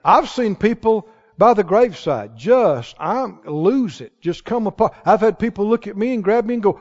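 A man preaching a sermon to a congregation, calling out questions and rising to shouts. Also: high voice, lively intonation, normal speed, hardly any pauses. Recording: dull hall recording with long reverb.

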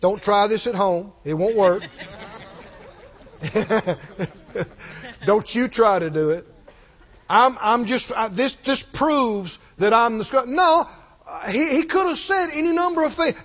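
Male preacher with a very high, lively voice, driving call-and-response, echoing hall, muffled recording. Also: unhurried. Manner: emphatic and repetitive, leads call-and-response. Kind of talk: sermon. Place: church. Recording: muffled, with long hall reverb.

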